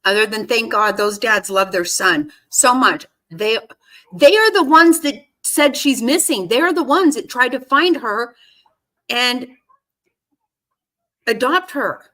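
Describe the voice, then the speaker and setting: A woman's voice: fairly high pitch, animated, takes it slowly, bright, forceful tone. A woman giving casual reaction commentary on a court case, indignant and swearing freely as she talks back at the screen. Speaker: true-crime commentary host.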